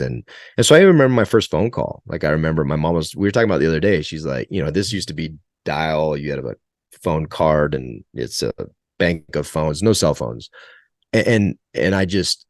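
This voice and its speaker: A man's voice: rumbling low, lively intonation, a little fast, no echo, clean studio sound. A man in his forties, a guest in an interview, telling stories in a rambling way with many restarts. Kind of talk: conversational interview storytelling.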